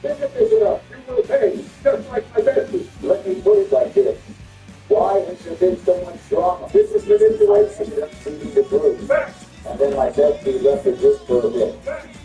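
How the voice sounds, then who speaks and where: A man giving confrontational gameplay commentary with trash talk and swearing, swinging between squeaky and low tones. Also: wildly swooping pitch, normal speed, gravelly, mellow, distant mic. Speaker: gaming video host. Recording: echoey room, away from the mic, music behind.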